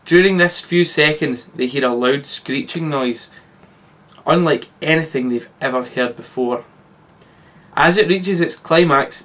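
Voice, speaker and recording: A man reading his own story aloud, with lively narration and occasional slips. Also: on the high side.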